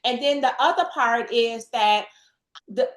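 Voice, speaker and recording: A woman guest in a faith-based interview, telling stories with scripture references and an animated delivery. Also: fairly high pitch, measured pace, echoey room. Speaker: guest, real estate investor.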